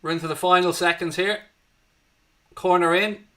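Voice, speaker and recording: An Irish man hosts a live football watchalong with a bright, forceful voice. He greets his viewers by name and calls the play as it happens. His voice sits somewhat high for a man. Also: steady tone, moderate pace. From Ireland. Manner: chatty, greets viewers and reads their chat, lifts up at match action. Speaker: host of a live match watchalong. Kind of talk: live fan commentary on a streamed watchalong.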